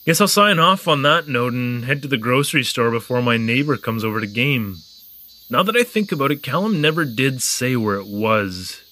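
A man's voice: mid-range voice, moderate pace, a little hiss or hum. A man playing a chatty young newcomer. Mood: musing. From Canada. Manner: animated, joking, wandering asides. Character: young male newcomer keeping a spoken diary, curious, chatty. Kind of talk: audio drama narration.

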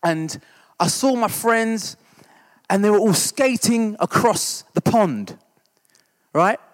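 This high-voiced church discipleship leader, originally from the East End of London, takes his time through a comic storytelling sermon. Animated yet slow, he stays chatty and self-mocking, repeatedly checking "right?" as the echo lingers long.

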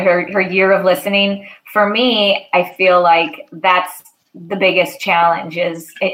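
Low-pitched woman, thoughtful and explanatory. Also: fairly bright tone, poor audio. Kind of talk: casual panel chat.

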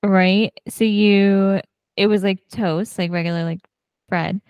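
A woman co-hosting a podcast in casual chat, talkative and quick to laugh. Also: mid-range voice, steady tone, darkish tone, clear, resonant tone, no echo, clean studio sound. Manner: chatty, laughs often, many fillers. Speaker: podcast co-host.

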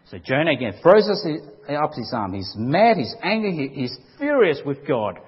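A man's voice: fairly high pitch, very animated, normal speed, husky. A man preaching an emphatic sermon, acting out quotes dramatically as a pastor. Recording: dull lo-fi recording with long hall reverb.

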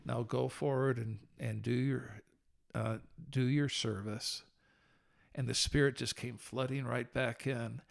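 As a podcast guest, a man tells an earnest personal faith story with animation, moving between slow, solemn passages and quicker telling. His voice is medium-pitched and creaky.

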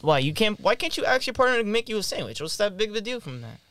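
A man's voice: high-pitched, very animated, fast talker, bright, forceful tone, dry recording. A young man co-hosting a podcast, blunt and joking in crude casual chat. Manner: blunt, joking, laughs a lot. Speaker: podcast co-host.

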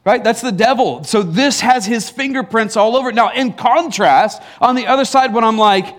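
A man with a notably high voice preaches in a loose, conversational way. He teases, restarts his sentences and drops in chuckling asides. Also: moderate pace, a bit bright. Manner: casual and teasing, many fillers and restarts, chuckling asides. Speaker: pastor. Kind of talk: conversational sermon.

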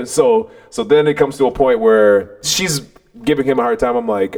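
Gravelly guy on a podcast telling a story, lively voice, acts out all the quotes. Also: lowish voice, fairly quick. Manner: animated, acts out quotes, swears, laughs often. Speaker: podcast co-host. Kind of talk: casual storytelling chat.

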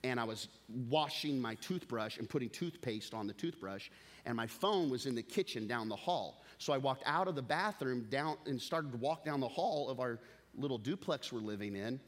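A middle-aged man preaching a sermon as pastor, an animated storyteller who repeats words as he builds his point and chuckles through a funny story. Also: mid-range voice, moderate pace.

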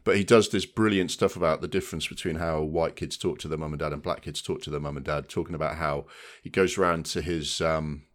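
A man with a deep, low-pitched voice talks casually as a podcast co-host. He rambles a little and keeps checking in with his listener. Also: steady tone, brisk, hardly any pauses. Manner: chatty, frequent "do you know what I mean". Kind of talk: casual chat.

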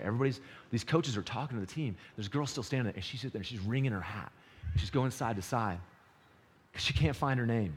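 A man preaching a sermon, animated and full of rhetorical questions to the congregation. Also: mid-range voice. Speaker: pastor. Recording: long hall reverb.

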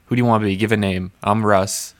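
A man's voice: fairly low pitch, fairly even intonation, fast talker, no echo. A man co-hosting a podcast in casual chat, playful and often restarting his sentences. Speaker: musician co-host.

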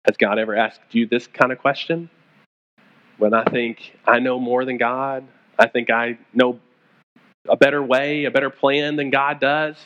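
A pastor preaching a conversational sermon, retelling stories and acting out the quoted voices. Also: male voice, medium pitch, steady tone, a little slow, fairly bright tone, dull audio.

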